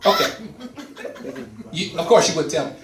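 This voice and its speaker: A man doing a stand-up comedy set, animated, chuckling at his own jokes and repeating words for emphasis. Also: fairly high pitch, brisk, roomy sound, distant mic, noisy background. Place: comedy club stage.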